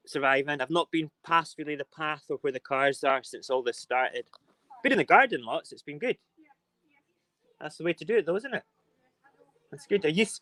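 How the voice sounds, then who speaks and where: A man's voice: a little high, fairly bright tone. A man hosting a casual morning live stream, chatting loosely to viewers and rambling through stories while making breakfast.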